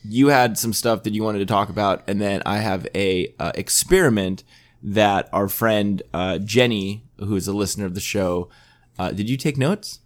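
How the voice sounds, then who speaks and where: A man's voice: on the low side, normal speed. Joking young man hosting a podcast. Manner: joking, playfully needling. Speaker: podcast host. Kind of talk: casual chat.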